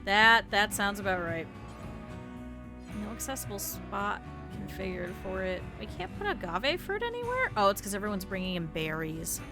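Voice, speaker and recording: A young woman streaming a video game, chatting casually with her viewers and swearing in exasperated bursts at the game. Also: medium pitch. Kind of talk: casual gameplay commentary.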